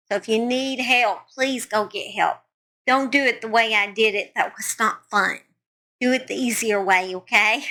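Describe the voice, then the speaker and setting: A woman's voice: fairly high pitch, bright, forceful tone. A woman hosting a casual true crime chat, speaking in an earnest, heartfelt way to her listeners. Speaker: true crime podcast host.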